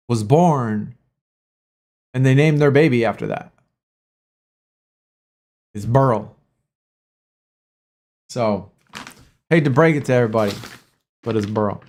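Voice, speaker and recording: Male streamer host, unhurried rambling chat with his viewers, mid-pitched voice. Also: a little mellow. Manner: rambling, argues with chat, swears casually. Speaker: livestream gaming host. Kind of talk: casual livestream chat.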